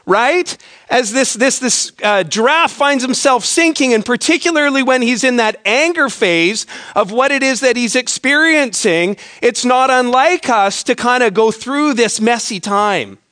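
A man's voice: very high voice, expressive, a little slow, bright, forceful tone, no echo. A man preaching a conversational sermon in church, joking with the congregation and often checking in with "right?". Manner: conversational, self-deprecating humor with frequent "right?". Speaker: pastor. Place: church sanctuary.

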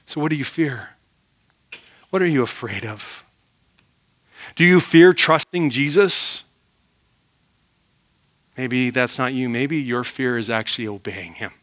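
Bright-voiced male preacher, emphatic. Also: mid-range voice. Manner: emphatic, rhetorical questions, drops to quiet for emphasis. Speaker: pastor. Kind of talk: sermon.

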